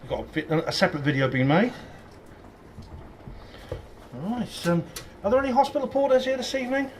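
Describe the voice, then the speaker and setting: A man's voice: high-pitched, animated, a little fast, slight background noise, rough recording. A Welsh-born man who has lost his Welsh accent, giving a talk to a live audience in a pub function room, hesitant with many ums and joking asides. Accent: English, lost Welsh accent. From Wales. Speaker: guest speaker.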